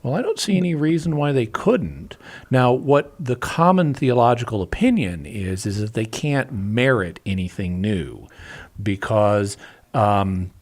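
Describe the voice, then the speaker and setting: A man answering callers' questions on a call-in radio show, explaining things in a measured way with occasional restarts. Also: medium pitch, lively intonation.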